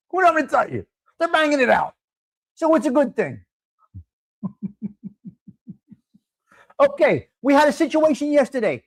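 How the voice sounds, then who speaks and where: A man's voice: very high voice, wildly swooping pitch, a little slow, creaky, pauses often. A man hosting a live coffee talk stream, blunt and crude, laughing as he talks straight to viewers in the chat.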